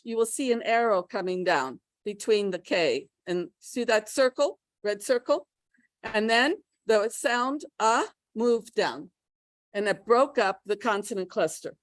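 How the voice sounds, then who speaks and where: An American woman leads a pronunciation workshop, explaining sounds to a class with lively energy and frequent check-ins. Her voice sits on the higher side and is recorded dry and close, with little room sound. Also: no echo. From United States. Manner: lively teacher, checks in with okay and all right. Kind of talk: lecturing to a class.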